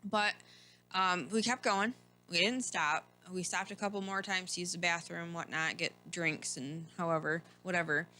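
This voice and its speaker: A woman's voice: on the low side, fairly even intonation, moderate pace, sharp tone, soft background music. A woman podcast host from Michigan telling a rambling, candid personal story, often laughing and restarting her sentences.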